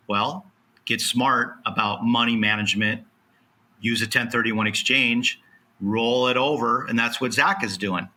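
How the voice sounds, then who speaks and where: A man's voice: fairly low pitch, sharp tone. A man on a podcast as a land specialist guest, speaking emphatically and motivationally, acting out bits of dialogue as he explains. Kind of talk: podcast interview.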